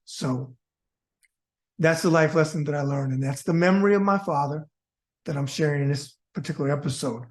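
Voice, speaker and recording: A man's voice: a little high, fairly quick. A man from South Florida, a former boxer hosting his own show, telling a personal story in a folksy, heartfelt way and speaking straight to his viewers.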